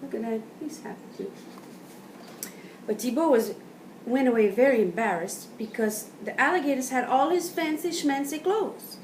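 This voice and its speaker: A woman reads a children's storybook aloud, lively and teacherly as she points things out. Her voice sits fairly high. She is recorded from a distance in a roomy space with a faint hiss behind her. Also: moderate pace. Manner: animated, pointing at pictures and explaining words. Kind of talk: reading a picture book aloud to children.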